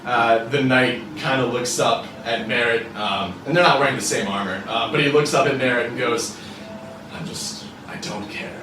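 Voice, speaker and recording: A man narrating as game master in a tabletop game, telling it in a casual, relaxed way with frequent fillers, recorded in a roomy space away from the mic with faint music. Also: mid-range voice, normal speed, hardly any pauses, far from the mic, noisy background.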